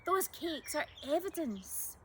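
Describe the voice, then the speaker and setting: A woman's voice: high-pitched, very animated, takes it slowly, slight background noise, pitched above the performer's own voice, exaggerated voice. A woman voicing an eager young girl who speaks urgently and earnestly. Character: eager girl obsessed with mysteries.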